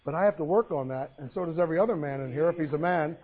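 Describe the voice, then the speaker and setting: A man's voice: a little high, racing. A man preaching a sermon, telling folksy jokes between Bible readings. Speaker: pastor. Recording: phone-like narrow sound.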